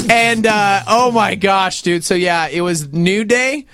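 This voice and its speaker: A man in his forties in casual chat, an animated storyteller who acts out other people's voices and says "dude" a lot. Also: sits high, takes it slowly, heavy background noise.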